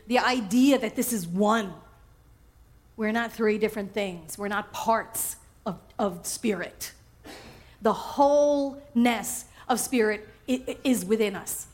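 A woman minister preaching a sermon, animated and often laughing, repeating phrases for emphasis. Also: medium pitch. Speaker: spiritual minister.

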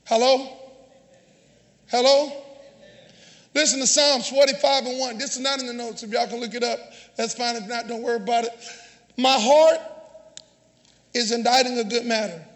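Male pastor, very high bright voice, call-and-response sermon, long church reverb. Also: level tone, normal speed, pauses often. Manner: call-and-response preaching, often shouting. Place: church sanctuary.

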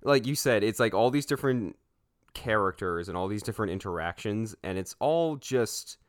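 A man's voice: lowish voice, expressive, normal speed, no echo, clean studio sound. A young man co-hosting a casual movie review chat, laid-back, swearing freely and laughing often. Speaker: podcast co-host.

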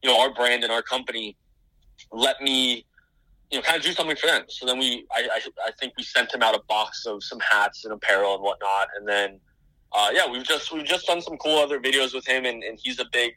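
A man's voice: medium pitch, sharp tone, no echo, poor audio. A man, a business owner, talking in a casual podcast chat, rambling with many restarts and fillers.

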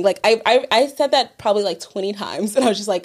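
A woman co-hosts a casual podcast chat and tells a story in an exasperated way, full of profanity and laughter. Her voice sits a little on the high side. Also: fairly quick, few pauses. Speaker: podcast co-host.

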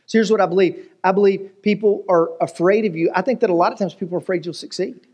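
Lively pastor, man, mid-high voice. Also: fast talker, slightly rough. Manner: lively storytelling with jokes and rhetorical questions. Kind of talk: sermon.

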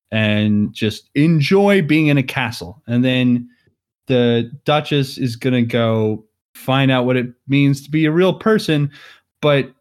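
A man in a relaxed podcast chat, talking through a film's plot at a middling pitch. He rambles and leans on "like" a lot. He keeps breaking into small chuckles. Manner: rambling, heavy on "like", chuckles often. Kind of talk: casual movie recap chat.

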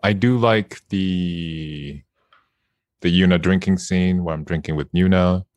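A man, a video game actor, chatting as an interview guest, relaxed and laughing often, with hesitant fillers. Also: deep voice, a little slow, dry recording, dull audio. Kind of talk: casual interview chat.

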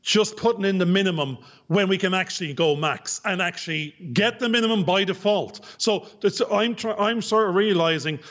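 Man, Irish accent, high voice, emphatic, podcast chat, dull lo-fi sound. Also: moderate pace, hardly any pauses. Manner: animated and emphatic, repeats words for stress. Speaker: podcast co-host.

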